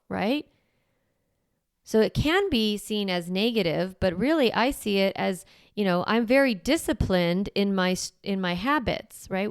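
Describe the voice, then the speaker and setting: A parenting coach hosts her podcast in a smooth, mid-range voice, giving casual, reassuring explanations and frequently asking "right?" in conversational teaching. The sound is clean studio quality with no echo.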